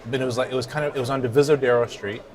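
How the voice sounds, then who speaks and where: A man co-hosting a podcast, chatting over lunch and telling a lively story. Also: medium pitch, racing. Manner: lively storyteller, acts out voices in his tale. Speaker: podcast co-host. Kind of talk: casual chat over lunch. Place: busy restaurant. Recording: restaurant crowd chatter behind.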